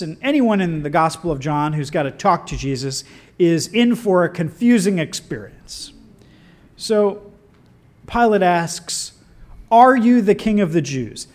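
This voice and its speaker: A man preaching a sermon in an animated, conversational way with wry asides. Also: high voice.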